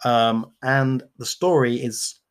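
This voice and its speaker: A man's voice: medium pitch, takes it slowly, clear, resonant tone. A man with a Cockney accent co-hosting a casual podcast, chatting about TV shows with teasing, jokey banter. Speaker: podcast co-host. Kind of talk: casual chat.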